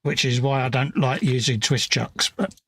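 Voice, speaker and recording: Man, 50s, easygoing co-host, gravelly husky voice, casual chatter. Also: medium pitch, normal speed, a bit bright, dry recording. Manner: laid-back, chatty, British slang. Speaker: livestream co-host. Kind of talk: casual chat while building a model.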